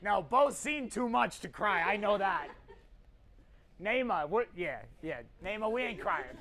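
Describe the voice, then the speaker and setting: A woman hosting a live contest stream, teasing the players and giving orders in quick quips. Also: mid-range voice, expressive, fairly bright tone. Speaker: host.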